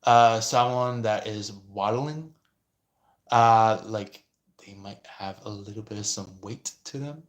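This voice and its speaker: Slow, hesitant male tarot reader. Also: fairly low pitch. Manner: hesitant, many fillers and restarts. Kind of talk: casual reading reacting to viewer comments.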